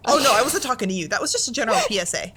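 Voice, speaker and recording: A woman co-hosting a true crime podcast, recounting case details in a measured way. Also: fairly high pitch, expressive, pushed and bright, slightly rough. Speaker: podcast co-host.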